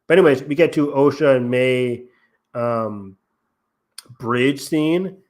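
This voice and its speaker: A man's voice: medium pitch, slow pace, darkish tone. A man hosting a podcast in casual discussion, thinking aloud and rambling with lots of fillers. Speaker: podcast host.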